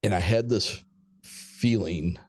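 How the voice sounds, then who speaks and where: A man's voice: on the low side, slow, a little mellow, no room sound, studio quality. A middle-aged man, a podcast guest, telling a long story in a rambling, hesitant way with some swearing. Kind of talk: casual storytelling.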